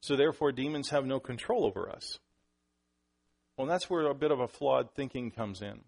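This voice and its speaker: This pastor's sermon is animated and conversational, delivered at a normal speed in a creaky voice. He often restarts his sentences and adds asides to the congregation, and his voice climbs louder and higher whenever he presses a point.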